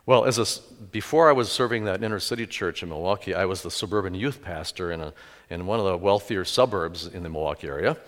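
A middle-aged male pastor preaching a sermon in a church, telling stories with sudden loud emphases. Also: lowish voice. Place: church sanctuary. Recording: echoey church hall with long reverb.

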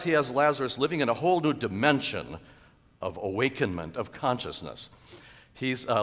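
A male pastor preaching a sermon in a church, animated and chuckling, with sudden loud exclaimed quotes. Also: on the low side, long reverb tail. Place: church sanctuary.

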